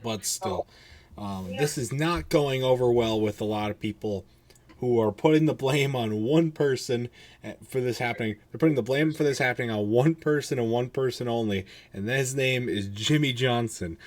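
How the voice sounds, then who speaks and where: A man's voice: medium pitch, normal speed. A man hosting a casual podcast, sounding tired and rambling, swearing freely and restarting his sentences. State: tired, yawning. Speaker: podcast host.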